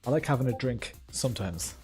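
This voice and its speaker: A man's voice: medium pitch, lively intonation, brisk, a little mellow. An Irish man chatting casually with viewers during a racing game stream, rambling with lots of ums and asides. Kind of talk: casual live-stream chat. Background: faint background music.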